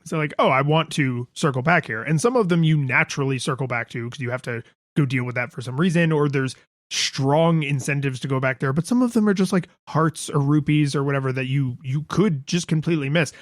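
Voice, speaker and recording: A podcast co-host tells stories in a relaxed chat, animatedly acting out voices whenever he quotes someone. His voice is on the high side and a little fast, captured in clean studio sound with no echo.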